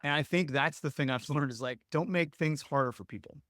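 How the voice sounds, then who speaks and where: A man's voice: a little high, a little fast, a bit bright, no room sound, studio quality. A young adult man telling coaching stories in casual podcast talk, earnest and rambling with many fillers. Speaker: lacrosse coach, podcast guest.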